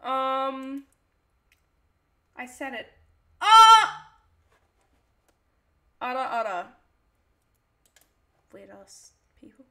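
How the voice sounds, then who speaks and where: Bright, high-voiced playful woman streamer. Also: takes it slowly, vocal fry, pauses often. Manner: playful, chatty, reads chat aloud and answers it. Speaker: live streamer. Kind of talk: casual live-stream chat.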